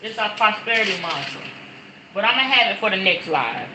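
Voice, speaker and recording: A woman's voice: mid-range voice, very animated, fairly quick, background noise. A middle-aged woman hosting a casual spiritual livestream from home. She chats directly to her viewers, repeats her words and keeps saying y'all. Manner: chatty, repeats words, often says y'all. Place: at home, in front of a decorated backdrop.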